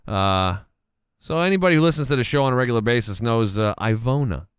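A man's voice: mid-range voice, animated, fast, clean tone, no echo, clean studio sound. A man hosting a casual radio show, joking around, rambling with lots of fillers and laughing often.

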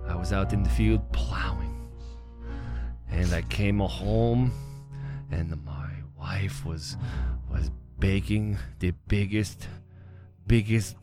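A man voicing a middle-aged Amish farmer who tells his story in a slow, low, matter-of-fact mumble. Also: over music. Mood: deadpan.

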